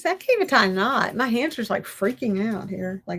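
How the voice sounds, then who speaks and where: A woman's voice: mid-range voice, lively intonation, a little fast, creaky, a bit bright, husky. A woman chatting to her viewers while she crafts, talking to herself and laughing often. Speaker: crafting vlogger. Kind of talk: casual crafting chat to viewers.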